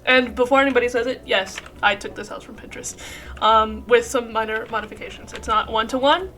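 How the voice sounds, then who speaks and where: Woman streamer, rambling casual chat, bright tone, laughs and swears often. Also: a little high, brisk, slight background noise. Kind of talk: casual chat while playing a game.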